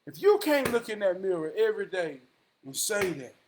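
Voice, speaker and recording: Man, high voice, loose motivational vlog ramble, drawling. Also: big pitch swings, moderate pace, noisy background. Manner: drawling, calls listener "man" often. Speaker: vlogger.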